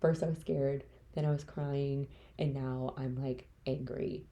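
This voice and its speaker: Low gravelly lady ranting on her podcast, blunt and sweary, drops to whispers sometimes. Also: fairly even intonation, a little slow, warm tone, muffled recording. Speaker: podcast host. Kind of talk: candid solo podcast monologue.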